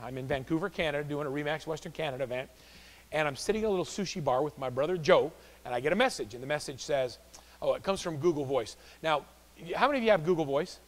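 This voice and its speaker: A man giving a live real estate training seminar, telling stories in an animated way and acting out the voices of the people in them. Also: fairly high pitch, long reverb tail. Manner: animated, acts out quoted voices. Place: office training room.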